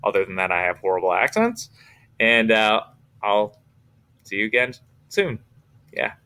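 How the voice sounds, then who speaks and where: Lively-voiced male economics teacher. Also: fairly low pitch, measured pace. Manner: informal explaining with fillers. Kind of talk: casual recorded lecture.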